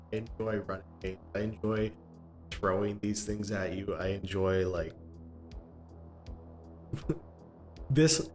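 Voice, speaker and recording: A man chatting casually as game master about his tabletop campaign, pausing often and filling gaps with "um" and "like". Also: fairly low pitch. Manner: hesitant, full of "um" and "like".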